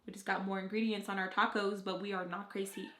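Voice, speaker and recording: A woman's voice: mid-range voice, quick pace. Blunt, profane young woman vlogging. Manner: blunt and profane, heavy "like" filler, animated quoted voices. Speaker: beauty vlogger. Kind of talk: casual chat to camera while doing makeup. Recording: echoey room.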